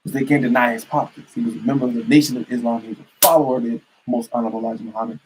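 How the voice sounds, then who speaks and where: A man's voice: mid-range voice, steady tone, very fast, background noise. A man giving an emphatic, repetitive political rant to camera as a commentator.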